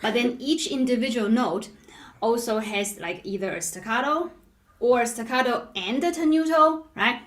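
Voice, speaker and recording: A woman's voice: a little high, animated, normal speed. Patient woman piano teacher, echoey room. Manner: patient explaining, tags nearly every phrase with "right?". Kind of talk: live online piano lesson.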